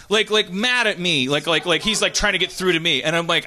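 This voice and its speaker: A man's voice: sits high, fairly quick, hardly any pauses. A man hosting a comedy podcast, telling a story animatedly with lots of swearing and laughter. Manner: animated, profane, laughing while telling stories. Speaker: podcast host.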